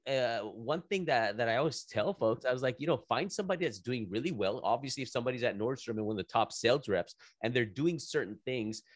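A man hosting a casual conversation, animated, with frequent restarts and repeated words as he talks through ideas. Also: medium pitch, quick pace, few pauses, dry recording, studio quality.

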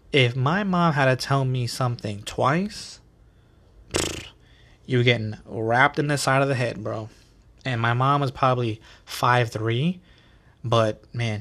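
A man's voice: mid-range voice, measured pace, vocal fry, a bit bright. A man in his thirties with a New York accent, hosting a podcast and telling stories in a chatty, profane manner with bro slang. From New York City, USA. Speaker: podcast host. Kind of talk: casual storytelling monologue.

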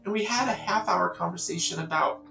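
Gravelly-voiced woman telling stories. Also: lowish voice, fairly quick, roomy sound, soft background music, rough recording. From Catskills, New York. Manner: animated storyteller acting out quoted voices. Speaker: songwriter guest. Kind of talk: casual storytelling interview.

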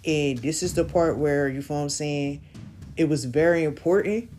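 A woman's voice: sits low, moderate pace, dark tone, a little hiss or hum. A woman hosting a podcast in casual chat, recapping an interview in slangy talk and often checking in with her listeners. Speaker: podcast host.

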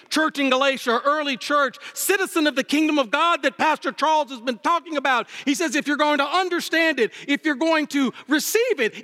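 A man preaching a sermon as pastor, with impassioned delivery that swings between fervent highs and low, emphatic lines. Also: bright, forceful tone. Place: church sanctuary. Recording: long reverb of a church hall. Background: hall reverb.

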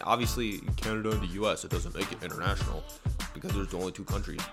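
A young man hosting a solo sports podcast, rambling, correcting himself often and jumping up in pitch when excited. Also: fast talker, over music. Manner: rambling, self-correcting, animated with pitch jumps.

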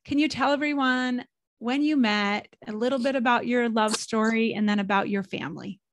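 A woman's voice: fairly high pitch, moderate pace, dry recording. A woman hosting a faith podcast, talking in an emotional, chatty way as she introduces her guests. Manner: warm-hearted, emotional, chatty. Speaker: podcast host.

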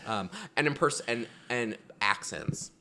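A man's voice: mid-range voice, a little slow, bright, forceful tone. A man chatting as a guest on a podcast, rambling through stories with lots of fillers and self-deprecating asides. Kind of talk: casual chat.

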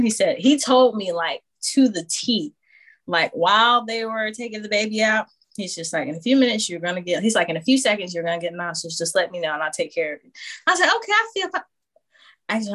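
Woman, podcast guest, casual storytelling, animated, acts out other people's lines, mid-pitched voice. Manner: animated, acts out what others said, laughs often. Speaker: podcast guest, new mother.

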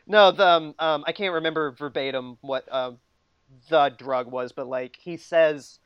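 Unhurried and clean-toned, this man in his thirties has a voice on the high side. He co-hosts a podcast in casual, rambling chat full of fillers and frequent laughter, captured on a dull, dry lo-fi recording with no room sound.

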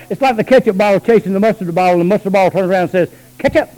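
A high-pitched male preacher, delivering a sermon. He talks quickly and low in his asides, then climbs into long, shouted, stretched-out lines. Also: low-quality recording. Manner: swings from low talk to high shouted calls.

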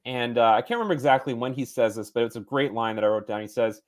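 Guy chatting on a movie podcast, mid-pitched voice, rambly with lots of ums. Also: fast, hardly any pauses. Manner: chatty, rambling with many fillers. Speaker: podcast co-host. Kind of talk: casual movie podcast chat.

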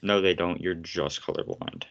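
A man's voice: sits low, big pitch swings, normal speed, gravelly, a bit bright. A man co-hosting a podcast in casual chat, blunt and teasing. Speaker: podcast co-host. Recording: slightly muffled podcast audio.

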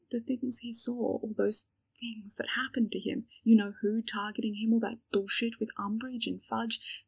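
A woman voicing a loyal, admiring young witch who speaks earnestly and softly, on a dull lo-fi home recording. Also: fairly high pitch, creaky, breathy edge, no room sound.

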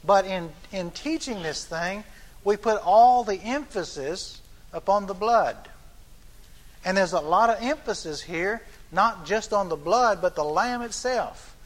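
A man's voice: high-pitched, lively intonation, a little slow. An older man preaching a sermon, reading scripture aloud and then explaining it in plain talk with frequent restarts.

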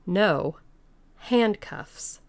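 A woman's voice: medium pitch, lively intonation, very slow, no room sound. A woman doing a savage, indignant invisible man. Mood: stubborn. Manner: sharp, scolding.

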